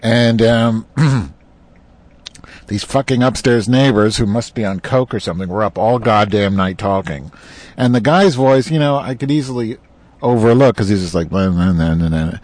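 A man's voice: medium pitch, moderate pace, darkish tone, dry recording. A man talking alone in his car into a clip-on phone mic, ranting in a profane, rambling way. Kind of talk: casual monologue. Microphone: clip-on mic attached to a phone.

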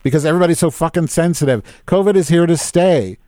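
A man's voice: a little high, fast, dark tone, no room sound. Podcast host, male, fifties, profane exasperated rant, dry close sound. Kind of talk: casual live-stream rant.

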